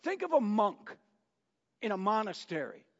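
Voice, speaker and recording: A man preaching a sermon as pastor, in an unhurried storytelling manner that works in jokes. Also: high-pitched, very animated, gravelly, a bit bright. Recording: dull lo-fi church recording with long reverb.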